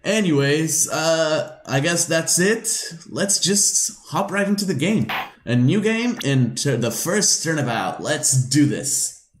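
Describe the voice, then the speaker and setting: A man's voice: on the high side, lively intonation, slow. A man casually commenting as he plays a video game, chatty and self-mocking. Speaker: let's play host. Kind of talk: casual let's play commentary. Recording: roomy room with game music.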